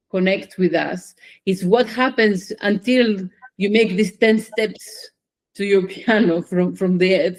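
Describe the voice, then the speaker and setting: A woman's voice: on the low side, a little mellow. A woman musician hosting an interview, speaking reflectively and searching for her words. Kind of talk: interview conversation.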